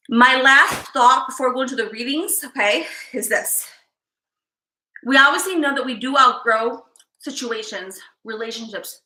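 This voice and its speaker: Intense, high-voiced woman on a live stream. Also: reverberant, rough recording. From Chicago. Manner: intense, fast and energetic. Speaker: psychic livestream host. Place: live-stream setup, indoors.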